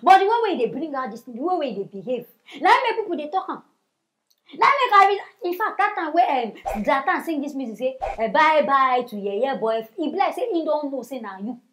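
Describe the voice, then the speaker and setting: Lively, fast-talking Nigerian woman host. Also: sits high. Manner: animated, mocking, addresses viewers. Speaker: comedy news host. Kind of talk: commentary in Pidgin.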